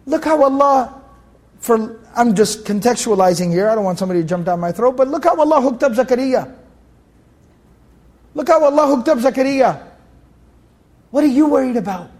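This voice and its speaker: A man's voice: very high voice, expressive, normal speed, long pauses, a little mellow. A man giving a casual, conversational Quran commentary class, mixing Arabic recitation with plain English explanation and acting out scripture dialogues. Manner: acts out scripture dialogue in shifting voices. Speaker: Quran teacher.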